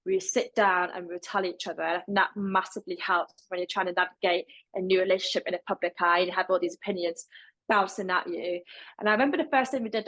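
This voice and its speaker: Young adult woman, deaf accent, level and even delivery; casual podcast guest. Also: mid-range voice, poor audio. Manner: fairly level, even delivery with some words pronounced differently. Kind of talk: casual interview talk.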